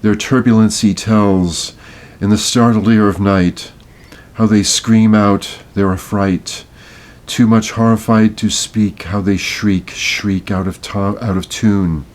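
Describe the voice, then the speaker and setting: A man's voice: fairly low pitch, fairly even intonation. A man in his sixties from Miami, a podcast host reciting a poem dramatically and then reflecting on it with hesitant, searching talk. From Miami, Florida. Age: 60s. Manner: slow dramatic reading, hesitant afterwards.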